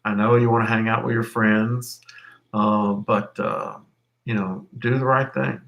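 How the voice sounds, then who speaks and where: A man's voice: fairly low pitch, level tone, a little slow, gravelly, highs cut off. Rambling man teaching a history class. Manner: rambling, self-correcting with many fillers. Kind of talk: live-streamed lecture.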